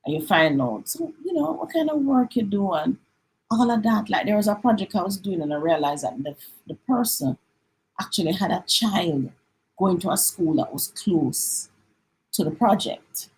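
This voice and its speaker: A woman's voice: mid-range voice, expressive, moderate pace, a little mellow, a little hiss or hum, poor audio. A middle-aged Jamaican woman chatting on a live stream, slipping into patois and acting out little back-and-forth exchanges. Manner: chatty, mixes in patois, acts out little dialogues. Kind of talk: casual live-stream chat.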